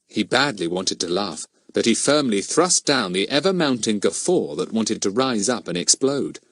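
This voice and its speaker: A man reads a children's mystery audiobook aloud in an animated storytelling style. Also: fairly low pitch, normal speed, dry recording. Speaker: audiobook narrator. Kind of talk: scripted narration.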